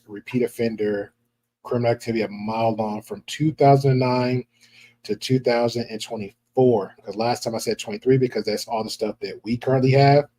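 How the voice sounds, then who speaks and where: A man's voice: medium pitch, dark tone, slight background noise. A man hosting a podcast, commenting casually and rambling with many fillers. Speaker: podcast host.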